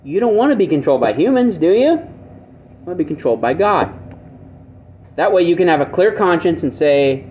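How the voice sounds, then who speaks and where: A man's voice: mid-range voice, lively intonation, fairly quick, darkish tone, a little hiss or hum. A man preaching a conversational sermon who keeps asking his listeners rhetorical questions and repeats phrases for emphasis. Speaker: pastor.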